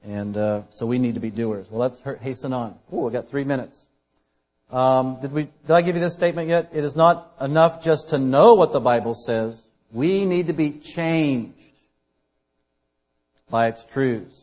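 A man preaching a conversational sermon as a pastor, shifting between loud emphasis and quiet asides. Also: mid-range voice, normal speed. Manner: conversational preaching, dynamic loud and soft swings.

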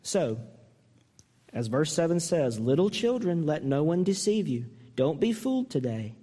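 Emphatic preaching man, high voice, echoing hall. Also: big pitch swings, a little slow, warm tone. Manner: earnest, emphatic preaching with rhetorical questions; voice climbs high when mimicking a harsh reading. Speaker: pastor. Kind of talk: sermon.

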